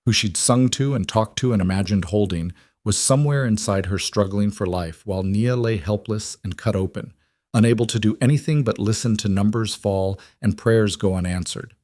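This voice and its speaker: A man with a low-pitched voice telling a dramatic story in a measured, emotive way. His voice-over is close and dry, with no room sound. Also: darkish tone, no room sound. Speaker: narrator. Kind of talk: scripted dramatic narration.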